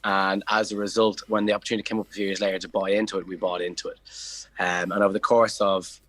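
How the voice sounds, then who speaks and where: A man's voice: lowish voice, flat delivery, quick pace, a bit bright, no room sound, rough recording. Chatty Dublin man, dry close sound. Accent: Dublin Irish. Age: 30s. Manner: chatty, many fillers and restarts. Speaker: podcast guest, hostel co-owner. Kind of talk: casual storytelling interview.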